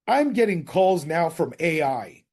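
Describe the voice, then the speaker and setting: Direct, energetic male sales coach. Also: on the high side, measured pace, husky. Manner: direct, energetic, addresses group as guys. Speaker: real estate sales coach. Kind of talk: coaching session lecture.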